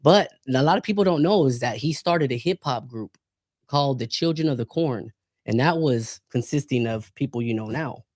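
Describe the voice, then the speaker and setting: A man hosting a podcast in a loose, profane chat about hip hop. His pitch swings widely as he drops into mock rapper voices. The sound is dry and close to the mic. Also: animated, moderate pace, a little mellow, no echo. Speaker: podcast host. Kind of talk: casual hip hop banter.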